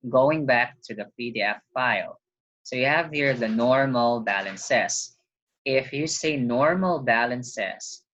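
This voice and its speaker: A man's voice: mid-range voice, fairly bright tone. A man giving a recorded accounting lecture, explaining patiently step by step and stopping often to remind listeners of key points. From Philippines. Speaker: accounting teacher. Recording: dull lo-fi recording.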